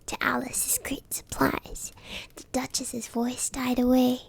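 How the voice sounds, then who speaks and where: A woman streamer softly whispering a bedtime story as a whispered role-play into a close mic. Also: high voice, completely flat delivery, slow pace, vocal fry. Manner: soft unvoiced whispering.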